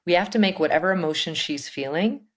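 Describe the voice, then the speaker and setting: A woman with a notably low voice, co-hosting a casual podcast chat. She speaks confidently like a coach and keeps turning ideas into rhetorical questions for the listener. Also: fast. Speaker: podcast co-host.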